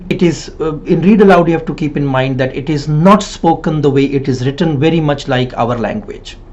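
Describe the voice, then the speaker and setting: This PTE and IELTS trainer has a higher, darkish voice and a moderate pace. He delivers a spoken exam-coaching lesson in an emphatic Hindi-man coaching style, repeating points and tagging sentences with "right?" again and again. The lo-fi recording sounds slightly dull.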